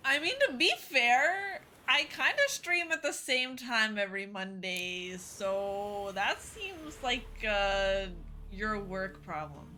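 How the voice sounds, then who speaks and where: A young woman chatting casually with viewers during a game live stream, bubbly and quick to laugh. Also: mid-range voice, pushed and bright, a little hiss or hum.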